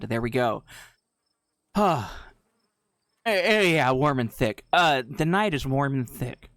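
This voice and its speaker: A man's voice: medium pitch, expressive, slow pace, long pauses, a bit bright, dry recording. A man live-streaming a game to his chat, giggly and rambling as he reads lines aloud.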